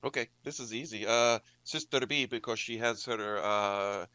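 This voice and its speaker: A man's voice: medium pitch, normal speed, pushed and bright, clear, resonant tone, no room sound. A man playing a tabletop game, describing his character's actions in an eager, rambling way. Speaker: player.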